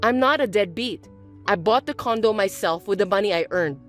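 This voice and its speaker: A woman reading a dramatized text-message story in a calm, dry, matter-of-fact way. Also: medium pitch, normal speed, faint music behind. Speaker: story narrator and main character. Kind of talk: texting-story dialogue reading.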